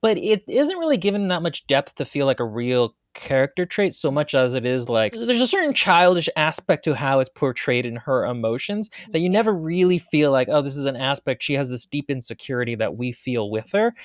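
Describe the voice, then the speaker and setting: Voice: medium pitch, very animated, normal speed, few pauses, dry recording, clean studio sound. A podcast co-host giving a thoughtful, analytical take on a novel in casual chat. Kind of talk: casual book review chat.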